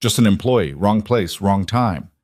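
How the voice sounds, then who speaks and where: A man's voice: lowish voice, animated, unhurried, darkish tone, no room sound, studio quality. A man voicing a tense, bitter mafia boss in an audio crime story, speaking in terse lines.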